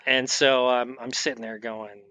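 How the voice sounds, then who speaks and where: A man's voice: mid-range voice, flat delivery, normal speed, sharp tone. A man guest on a podcast, casually telling a rambling story full of restarts and acted-out quotes. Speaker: guest, firearms expert and veteran.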